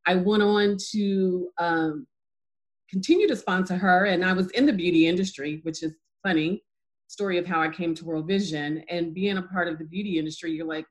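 A woman as an interview guest, telling a personal story in a lively way, acting out dialogue and laughing easily. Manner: animated storyteller, acts out dialogue with lively pitch jumps. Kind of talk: casual testimony interview.

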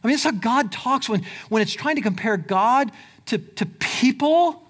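A man preaching a sermon in a conversational way, swinging between loud emphatic lines and quiet low ones. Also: normal speed, breathy edge. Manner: conversational, with fillers like "like" and "right?". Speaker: pastor.

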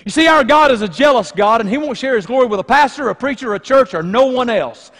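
A man preaching a sermon as pastor, swinging between loud emphasis and hushed, quiet lines. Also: extremely high pitch, lively intonation, quick pace, in a large hall. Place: church sanctuary.

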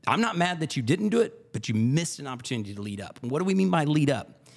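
Lively, fast-talking male podcast host. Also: fairly high pitch, vocal fry. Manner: animated, repeats phrases for emphasis. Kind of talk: casual podcast storytelling.

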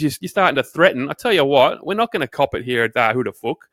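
A man's voice: mid-range voice, expressive, fast, a bit bright, dry recording, clean studio sound. A young Australian man co-hosting a podcast, ranting in a profane, fired-up way and calling everyone mate. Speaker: podcast co-host. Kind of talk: casual comedic podcast rant.

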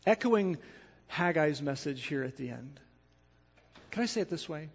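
High-voiced man preaching in a reverberant hall. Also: lively intonation, normal speed, pauses often, husky. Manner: emphatic preaching, swinging between loud declarations and hushed asides. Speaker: pastor. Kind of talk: sermon. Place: church sanctuary. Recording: dull sound with long hall reverb.

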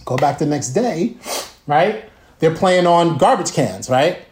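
Higher-voiced man telling stories, echoey room. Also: a little slow. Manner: lively, profane, quotes people in put-on voices. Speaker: guest. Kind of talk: casual storytelling.

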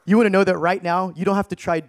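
An evangelist with a high, light voice preaches as if chatting with a buddy, calling listeners "dude" and "bro" in a casual, slang-heavy way. His storytelling sermon moves quickly and flatly, yet swings hard between quiet intensity and loud bursts. The recording is dry and close, with no room sound at all.

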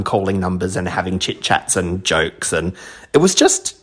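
A man from Australia, a DJ, telling a self-deprecating anecdote in a chatty recorded message. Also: on the low side. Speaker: DJ sending in a story.

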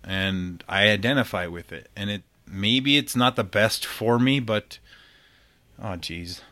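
A man co-hosting a podcast, talking earnestly in casual chat with halting restarts. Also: fairly low pitch, pushed and bright, no room sound.

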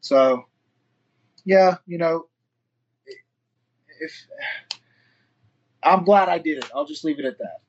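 Guy, fighter, rambling story w lots of cussing, kinda high voice, muffled lo-fi audio. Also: slow, pauses often, slight background noise. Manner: rambling storyteller, swears freely, acts out quotes. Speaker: fighter and firefighter. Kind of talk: casual interview chat.

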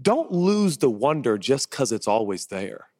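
A man preaching a conversational sermon, telling personal stories in a chatty, animated way and building to excited rhetorical questions. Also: medium pitch, a little slow, dry recording. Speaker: pastor.

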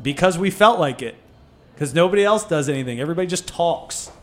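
Man, higher register, animated and profane, casual interview storyteller. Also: a little fast. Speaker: food nonprofit co-founder.

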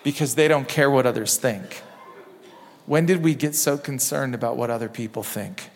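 A man preaching a sermon in a church, impassioned, repeating phrases and dropping low and soft for emphasis. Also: normal speed. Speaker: pastor. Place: church sanctuary. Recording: long reverb of a church hall.

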